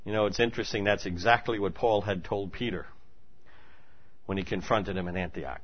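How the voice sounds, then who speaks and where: A man preaching a sermon, moving between hushed asides and loud, emphatic declarations. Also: lowish voice, fairly even intonation, a little fast, highs cut off. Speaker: pastor.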